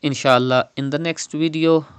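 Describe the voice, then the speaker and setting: A man teaching Quran recitation step by step, slowly modelling and repeating each word's pronunciation. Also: fairly high pitch, fairly even intonation, smooth, no echo.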